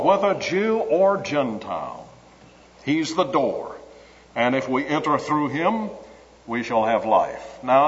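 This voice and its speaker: A man preaching a sermon, slow and emphatic, stressing key words and repeating phrases for weight. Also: medium pitch. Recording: dull lo-fi recording with long hall reverb.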